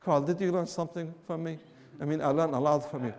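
A man, teaching a class in an emphatic, animated way and repeating his points. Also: on the high side, fast, in a large hall. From Syria. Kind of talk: classroom lecture with banter.

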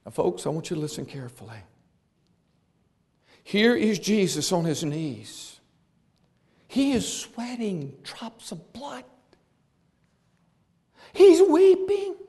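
A male preacher delivering an impassioned sermon that swings from shouts to hushed tones, with long hall reverb. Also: high voice, very animated, takes it slowly, pauses often, slightly rough.

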